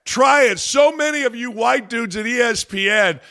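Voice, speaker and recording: Fired-up man ranting, gravelly and bright. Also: very high-pitched, moderate pace. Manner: heated, profane, mocking repetition. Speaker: sports talk show host. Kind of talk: ranting commentary.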